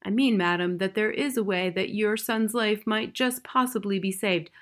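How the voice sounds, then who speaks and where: A woman reading the lines of a wise, formal male owl in a grave, measured manner. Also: medium pitch, fairly bright tone, natural voice. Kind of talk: audiobook reading.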